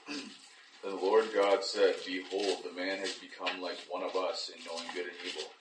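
A man in a Bible class reading a scripture passage aloud in a slow, measured way. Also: sits low, flat delivery. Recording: echoey room, distant mic, audible noise.

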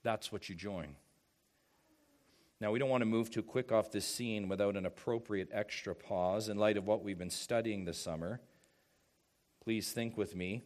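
A man preaching a sermon as pastor, slow and emphatic, swinging from hushed asides to loud calls and asking rhetorical questions. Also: fairly low pitch.

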